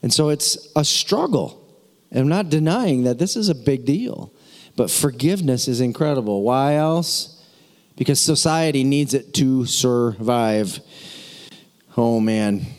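A man's voice: mid-range voice, lively intonation, a little slow, darkish tone. A man preaching a sermon to his church in a casual, joking way, with playful asides to the congregation. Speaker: pastor. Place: church sanctuary. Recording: long hall reverb.

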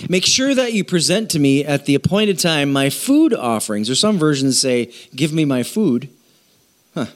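A middle-aged man, a pastor, giving a casual Bible lesson in church, chatty and joking, often asking the audience questions. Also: fairly high pitch. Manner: conversational, asks the audience questions, jokes.

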